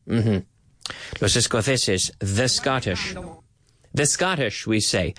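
A man hosting a bilingual English lesson for Spanish speakers, repeating phrases slowly for learners and mixing in Spanish words. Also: on the low side, a bit bright, no echo. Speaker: language teacher and podcast host.

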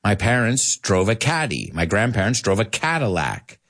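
An American man teaching English to Spanish speakers, animated, laughing at his own jokes and switching into Spanish to explain. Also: lowish voice, normal speed. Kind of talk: language lesson for Spanish speakers.

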